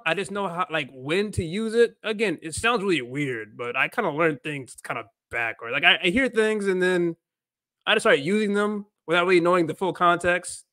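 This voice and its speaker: Male livestream host, chatty and rambling, slips into spanish now and then, bit high voice, dry sound. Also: sharp tone, dry recording. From United States. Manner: rambling, repeats himself, mixes in Spanish phrases. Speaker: livestream host, language learner. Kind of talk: casual livestream chat.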